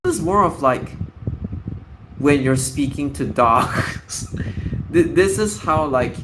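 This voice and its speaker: A man's voice: on the high side, lively intonation, slow. Blunt, swearing young man ranting casually. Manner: blunt, profane, lots of "like" fillers and restarts. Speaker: commentator. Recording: noisy background ambience.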